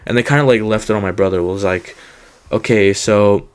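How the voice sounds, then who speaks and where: A man's voice: lowish voice, fairly quick, smooth. Young man telling a rambling story. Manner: rambling, quotes others with "he goes", many fillers. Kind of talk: casual storytelling.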